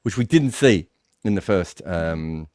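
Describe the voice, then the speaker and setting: A man co-hosting a live sports watch-along, giving relaxed, reflective analysis of the play. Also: low voice, measured pace, no room sound, studio quality. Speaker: co-host and analyst.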